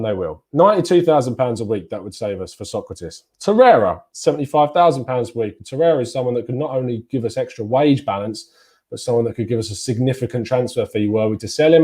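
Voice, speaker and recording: Chatty man, mellow voice. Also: mid-range voice. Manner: chatty, rambling, lively emphasis on names. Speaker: football fan channel host. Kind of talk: solo fan commentary.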